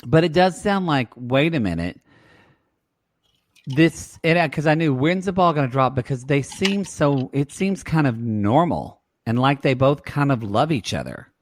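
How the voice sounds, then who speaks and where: Male podcast co-host, campy and very animated, dry close mic. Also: moderate pace, no echo. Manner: animated, campy, swoops into high falsetto impressions. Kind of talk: casual recap chat.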